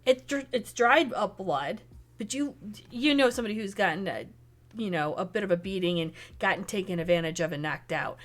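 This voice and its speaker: A woman's voice: medium pitch, a little fast. A woman narrating as game master of an online tabletop game, chatty and loose with fillers. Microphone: headset or desk mic, online stream.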